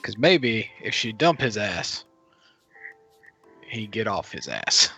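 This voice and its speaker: A man's voice: fairly low pitch, very animated, slow, bright, forceful tone, slightly rough, faint music behind. A man co-hosting a comedy podcast, giving blunt, rambling verdicts with many fillers. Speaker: podcast co-host playing a judge. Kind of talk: casual comic chat.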